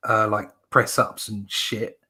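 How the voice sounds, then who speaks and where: British male host, casual rambling talker, bright forceful tone. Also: on the low side, flat delivery, slow pace, breathy edge. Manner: rambling, lots of fillers and restarts. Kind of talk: casual chat.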